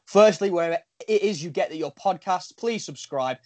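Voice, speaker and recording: This is a Liverpool man co-hosting a relaxed podcast with a friend. His voice sits high for a man. He talks in an upbeat, chatty way and often stumbles and restarts his words. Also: normal speed. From Liverpool, England. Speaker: podcast co-host. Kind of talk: casual podcast chat.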